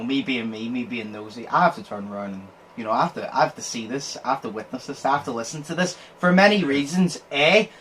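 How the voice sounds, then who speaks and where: A young man chats casually on his podcast, spinning an everyday story. He swears freely and keeps laughing between lines. His voice sits at an ordinary middle pitch, with faint noise behind him. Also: a bit bright. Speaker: podcast host. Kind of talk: casual chat.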